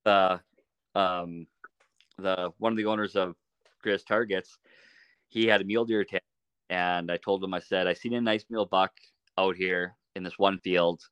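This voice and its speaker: Low-voiced man telling a hunting story. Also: normal speed, long pauses, clean tone, dry recording, muffled recording. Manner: relaxed, laughs while telling stories. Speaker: podcast guest, archery shop owner. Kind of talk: casual storytelling.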